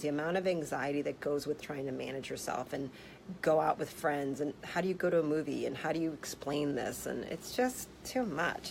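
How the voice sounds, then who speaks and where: Blunt, animated woman telling a story. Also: deep voice, gravelly, a little hiss or hum, poor audio. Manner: blunt, animated, swears casually. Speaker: health practitioner. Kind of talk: casual storytelling vlog. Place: office.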